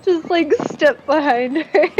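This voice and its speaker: Giggly, slow-talking woman player. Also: very high voice, a little mellow, a little hiss or hum, poor audio. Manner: giggly, playful.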